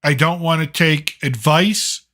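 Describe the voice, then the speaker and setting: A sarcastic man rants through casual late-night commentary with a bright, forceful voice sitting a little high for a man. He talks bluntly and rambles, dropping in curses as he goes. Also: unhurried. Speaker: late-night show host.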